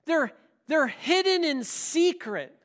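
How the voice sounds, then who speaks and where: A man preaching a sermon, animated and storytelling, swinging between loud emphasis and hushed asides. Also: very high voice, slow. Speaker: pastor.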